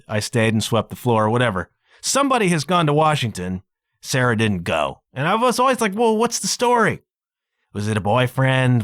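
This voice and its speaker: Animated chatty man hosting a podcast. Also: mid-range voice, dry recording, studio quality. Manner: enthusiastic, chatty, says "man" a lot. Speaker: podcast host. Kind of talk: casual music commentary.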